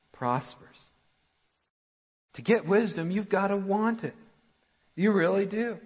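A man preaching a sermon slowly and emphatically, asking the listeners rhetorical questions. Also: on the high side, husky. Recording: muffled sound with long hall reverb.

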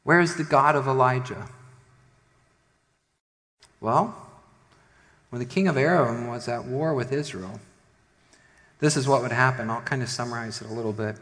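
A man preaching a sermon as a pastor, retelling a Bible story and acting out its characters with lively voices. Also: medium pitch, moderate pace, pauses often. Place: church sanctuary. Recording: long hall reverb.

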